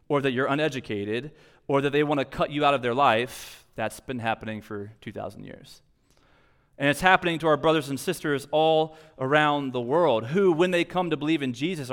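A man delivers a sermon in a slightly high voice, mixing teaching with relaxed, conversational asides. His words ring out with the long reverb of a large hall. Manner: conversational, animated preaching with casual asides. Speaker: pastor.

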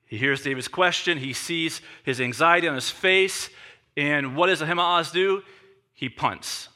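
A man's voice: fairly high pitch, moderate pace, pushed and bright. A man preaching a sermon, telling the story with animation and acting out the scene. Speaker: pastor.

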